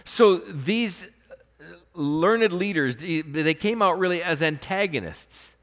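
A male pastor delivering a sermon in a somewhat high voice. He preaches earnestly, building to forceful emphasis before falling back to soft, low-key stretches. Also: slow pace. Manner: earnest preaching, rising to emphatic bursts then dropping soft.

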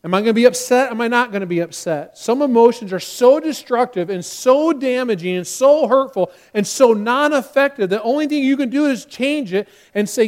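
A man, a pastor, preaching a sermon and acting out quoted voices with animated delivery. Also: very high voice, a little fast, hardly any pauses.

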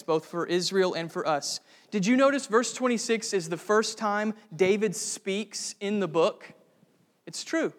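A man's voice: sits high, in a large hall. A male pastor preaching a sermon, earnest and building to fervent emphasis.

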